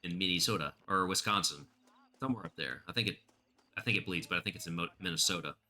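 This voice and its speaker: A male streamer rambles through casual commentary while he plays. He talks to his chat and drifts from topic to topic. His voice sits low, with a strikingly sharp, bright edge. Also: fast talker. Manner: rambling, chatty, reads chat aloud.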